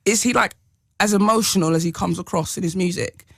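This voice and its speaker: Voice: mid-range voice, a little fast, a bit bright, no echo, studio quality. An interviewer teasing a guest with playful questions, fishing for gossip.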